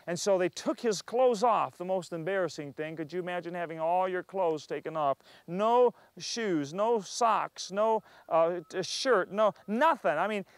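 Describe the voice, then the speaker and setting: Man telling a story, high voice. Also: measured pace, hardly any pauses, dry recording. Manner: animated, acts out characters. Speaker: storyteller, preacher. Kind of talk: oral storytelling with sermon asides.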